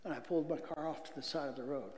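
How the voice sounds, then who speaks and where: A middle-aged man giving a church testimony, earnest, swinging from loud outbursts to near whispers. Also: fairly high pitch, rapid-fire. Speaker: guest speaker giving testimony. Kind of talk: testimony sermon. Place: church sanctuary. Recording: echoey church hall reverb.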